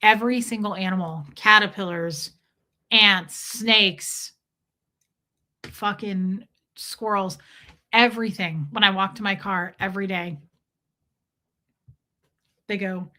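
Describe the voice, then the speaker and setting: Woman streamer, casual rambling joker, bright and sharp-toned. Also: medium pitch, steady tone, a little slow. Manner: rambling, jokey storytelling. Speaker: livestream host. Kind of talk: casual chat with viewers.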